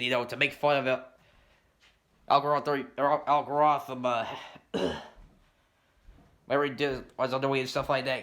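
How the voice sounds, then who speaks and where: Bright-voiced rambling man ranting. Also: mid-range voice. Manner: rambling, heavy on "you know" and "stuff like that"; clears throat and laughs between points. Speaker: commentary YouTuber. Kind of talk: rambling response rant.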